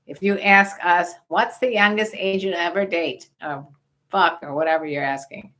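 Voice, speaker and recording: A woman's voice: on the low side, fairly even intonation, moderate pace, a bit bright. An older woman hosting a casual livestream chat, joking bawdily and reading out viewer questions. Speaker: livestream host.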